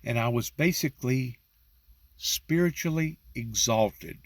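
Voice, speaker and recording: A middle-aged man, slowly telling a personal religious testimony with emphatic rising peaks. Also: medium pitch, animated, no echo. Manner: slow, drawn-out storytelling with rising emphatic peaks.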